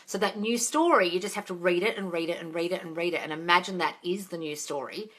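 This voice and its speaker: A woman's voice: fairly low pitch, fast. A woman answering viewer questions on a live stream as a manifesting coach, blunt and sweary, calling viewers darling. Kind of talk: livestream Q&A.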